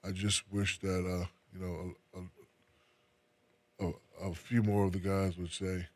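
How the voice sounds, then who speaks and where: Man, very low voice, soft-spoken, repeats words at sentence starts, casual interview guest. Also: little pitch movement, takes it slowly. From New Jersey. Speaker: guest, retired basketball player.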